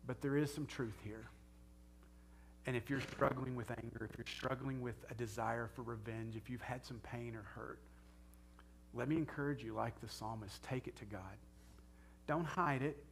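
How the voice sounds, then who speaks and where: A man's voice: mid-range voice, fairly even intonation, normal speed, a little hiss or hum. A middle-aged man preaching as a pastor in an earnest, conversational way that rises to fervent prayer. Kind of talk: sermon and closing prayer.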